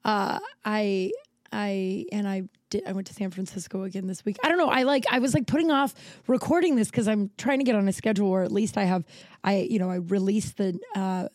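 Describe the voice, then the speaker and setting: A woman in her thirties talks alone into a home podcast mic, rambling and restarting her sentences, full of fillers. Her tone is mellow and relaxed, a bit tired, and the recording sounds dry and close. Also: mid-range voice, a little fast, no echo. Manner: rambling, filler-heavy, self-interrupting. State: tired, yawning. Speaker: podcast host. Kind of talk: casual solo chat. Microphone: home recording setup.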